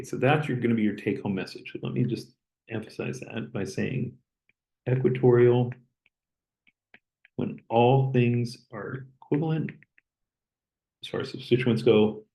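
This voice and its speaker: A man lecturing, explaining step by step as he draws and pausing on an occasional "okay". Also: on the low side, creaky, warm tone, low-quality recording. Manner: plain, step-by-step explaining with okays. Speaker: chemistry lecturer. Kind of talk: recorded lecture while drawing.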